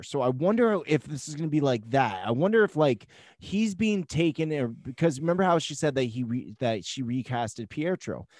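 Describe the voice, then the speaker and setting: Man co-host, eager fan chatter, mid pitch, dry mic. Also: a little mellow, no echo. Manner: swearing, enthusiastic fan talk. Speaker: podcast co-host. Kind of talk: casual chat.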